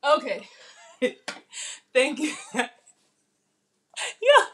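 A middle-aged woman with a high voice, wide pitch swings, and a very slow pace hosts a live cooking stream from her home kitchen. She chats casually, laughs, and reads viewer comments aloud.

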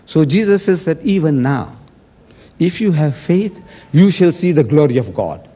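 Male debater, forceful and argumentative, slightly high-pitched, recorded with long hall reverb. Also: lively intonation, unhurried, breathy edge. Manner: emphatic, argumentative, acting out quoted speech. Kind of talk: public debate speech.

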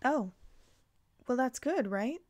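A woman reading as a soft, hesitant young heroine. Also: high-pitched, animated, takes it slowly, dry recording. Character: young woman, cheerful then saddened heroine.

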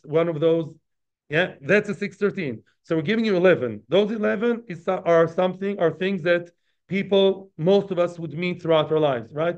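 A man's voice: sits high, highs cut off. A man teaching a daily Talmud class in a conversational lecture style, often asking his listeners questions.

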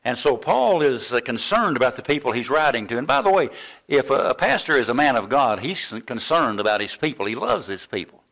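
Older male pastor, sermon delivery, lively storyteller, medium voice. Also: medium pitch, fairly quick, gravelly. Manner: animated storytelling, acts out quoted voices.

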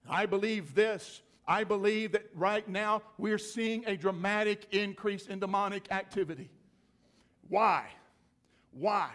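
High-voiced, emphatic preacher man. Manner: emphatic and repetitive, with swings from loud to hushed. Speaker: pastor. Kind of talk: sermon. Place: church.

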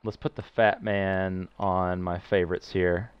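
A man's voice: low voice, little pitch movement, measured pace, clean tone, no room sound, highs cut off. Chatty man streaming a game. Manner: chatty, playful, reading chat aloud. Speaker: gameplay streamer. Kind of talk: casual gameplay commentary.

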